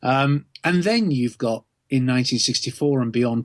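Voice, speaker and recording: A middle-aged man, answering podcast interview questions as an author in a thoughtful, measured way, with frequent ums. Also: mid-range voice, dry recording. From England.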